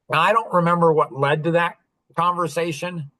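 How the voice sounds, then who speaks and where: A man's voice: on the high side, steady tone, normal speed, pushed and bright. A middle-aged man telling a long personal story on a podcast, rambling, with many fillers and restarts.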